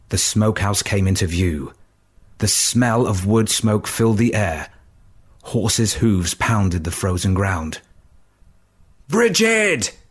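A man narrates a dark adventure story in a low, husky voice. He reads slowly and steadily, letting each line settle. It is a measured audiobook delivery.

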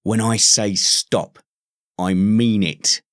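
A man voicing a large, gruff male archer who growls out commands. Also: fairly low pitch, fairly even intonation, takes it slowly, no echo, studio quality. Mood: growling.

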